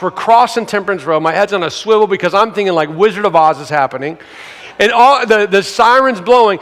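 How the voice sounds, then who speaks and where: A male pastor preaching a sermon, telling a story with animated, acted-out voices and sudden shouts. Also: high-pitched. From grew up in a city. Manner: animated, acts out quoted voices, shouts for emphasis. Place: church sanctuary. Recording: long hall reverb.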